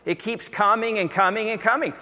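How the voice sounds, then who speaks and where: A pastor preaching a sermon, telling stories animatedly and acting out the voices of the people in them. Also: male voice, sits high, a little fast, sharp tone. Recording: echoey hall.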